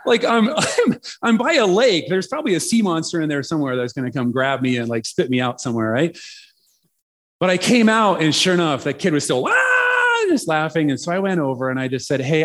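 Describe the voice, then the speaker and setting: A man delivers a sermon as a personal story, chatty and playful, full of asides. His voice sits a little high and swings widely in pitch. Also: lively intonation, fairly quick. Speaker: preacher telling a personal story.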